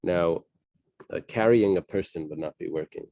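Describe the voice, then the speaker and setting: A man leading a Talmud study class, reading Aramaic passages and translating them in a casual, halting way with many fillers and restarts. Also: low voice, vocal fry, dark tone. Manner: casual, thinking aloud.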